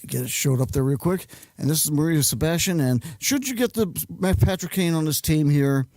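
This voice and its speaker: A man hosts his own show, rambling from one thought to the next and muttering when his gear gives him trouble. His voice is mellow and dark, recorded close and dry with no room around it. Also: a little high, lively intonation, fairly quick, no room sound. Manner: flustered, muttering while fumbling with equipment. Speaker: host. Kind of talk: rambling casual monologue.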